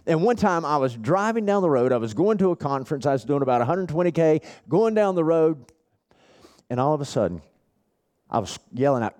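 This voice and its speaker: A middle-aged man preaching at a men's retreat, telling a personal story with earnest repetition, dropping his voice low and then building it back up. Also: sing-song, fairly quick, darkish tone. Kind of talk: sermon.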